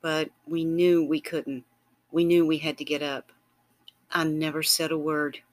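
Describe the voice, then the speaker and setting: A man narrating an intimate romantic story in a soft, tender, unhurried way. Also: fairly high pitch, level tone, dry recording.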